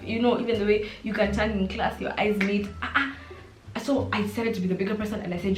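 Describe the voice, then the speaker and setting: A young Kenyan woman with a Kenyan accent, telling a casual storytime vlog and acting out the quotes with lively switches into Swahili slang. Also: medium pitch, fast, soft background music. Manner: animated, mixes in Swahili and slang, acts out quotes. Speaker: vlogger. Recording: roomy echo.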